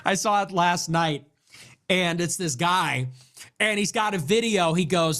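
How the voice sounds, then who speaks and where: A man's voice: high voice, unhurried, fairly bright tone. A man hosting a podcast, delivering an exasperated, sarcastic and profane comedic rant. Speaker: podcast host. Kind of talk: comedic ranting monologue.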